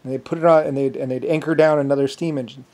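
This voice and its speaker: A man telling a rambling, boastful story, halting often with fillers and restarts. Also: mid-range voice, fairly even intonation, darkish tone. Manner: boastful, grandiose. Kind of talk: rambling monologue.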